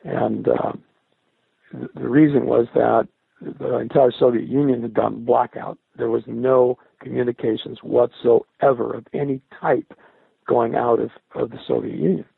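An older man, a former military radio linguist, recalling his service in a halting interview style, often repeating and restarting words. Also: medium pitch, flat delivery, gravelly, breathy edge, dry recording. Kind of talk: recollecting in an interview. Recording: dry, tinny phone-like sound.

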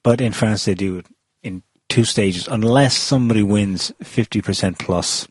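A man with a low, husky voice hosts a relaxed panel talk. He rambles with ums and restarts. The sound is dry and close. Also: moderate pace, no room sound. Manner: chatty, many ums and restarts. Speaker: podcast host. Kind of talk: casual panel discussion.

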